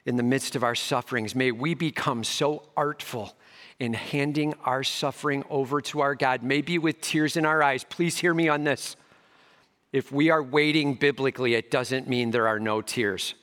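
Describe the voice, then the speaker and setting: A man preaching a sermon who swings between emphatic raised passages and hushed soft ones, with casual slangy asides. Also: medium pitch, steady tone, moderate pace. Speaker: pastor. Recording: long hall reverb.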